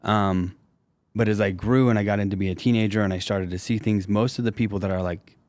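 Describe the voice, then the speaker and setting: Laid-back man with a lowish voice. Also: steady tone, fairly quick, darkish tone, no echo. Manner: laid-back, says "dude" and "like" a lot. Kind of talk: casual podcast chat.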